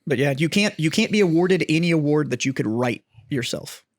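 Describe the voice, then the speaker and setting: A man's voice: a little high, animated, fairly quick, no room sound, studio quality. A veteran man co-hosting a podcast, chatting casually and swearing while he explains military rules. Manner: profane, explains rules at length. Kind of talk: casual chat.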